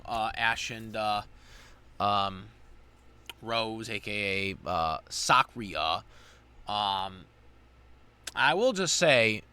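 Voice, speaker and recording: A man's voice: mid-range voice, sharp tone, clear, resonant tone. Rambling man recapping an episode. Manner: rambling, many fillers and restarts. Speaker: anime reviewer.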